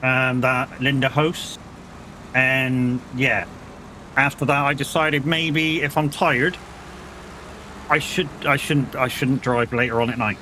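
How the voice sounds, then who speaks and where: Playing a game and bantering with his chat, a streamer from England talks casually and curses freely in an English accent. His mid-range voice is bright and forceful, with fairly even intonation and a slow pace, and there's a little hiss or hum.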